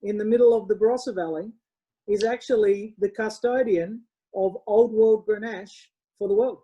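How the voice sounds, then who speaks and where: A woman's voice: mid-range voice, fairly even intonation, moderate pace, slightly rough, muffled recording. An Australian woman co-hosting a wine show in casual, rambling chat, often correcting herself. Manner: chatty, rambling, self-correcting.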